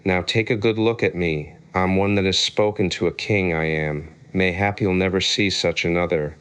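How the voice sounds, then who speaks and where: A pompous, touchy egg sitting on a wall, as read by a man in a low, smooth voice. He lectures loftily and picks arguments over every word. The voice stays deep and polished. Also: fairly even intonation, a bit bright. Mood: lofty. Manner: lofty, argumentative, quick to take offence.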